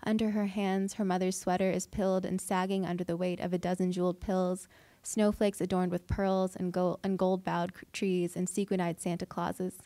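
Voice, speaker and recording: Woman giving a measured literary reading. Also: lowish voice, flat delivery, mellow, no echo. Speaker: fiction writer reading her work. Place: event hall.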